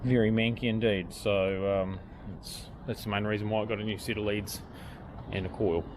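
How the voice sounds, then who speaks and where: A man with a croaky voice from a cold, talking plainly and methodically through car repairs in a casual workshop vlog. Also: fairly low pitch, flat delivery, normal speed, slight background noise. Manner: plain, methodical technical talk with fillers. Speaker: mechanic and channel host.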